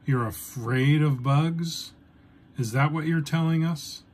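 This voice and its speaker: A man's voice: fairly high pitch, slow, darkish tone. A man voicing the jovial male boss of a pest-control crew, hearty and coaxing, turning incredulous.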